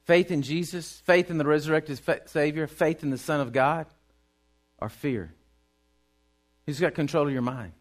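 A preacher with a high voice delivers a sermon. He moves from loud, driving bursts to quiet, hushed lines, keeping the congregation with him. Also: normal speed, long pauses. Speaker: pastor.

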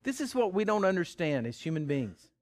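Animated preacher with swinging pitch. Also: male voice, brisk. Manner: animated, big pitch swings, stammering repeats, chuckles. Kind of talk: sermon.

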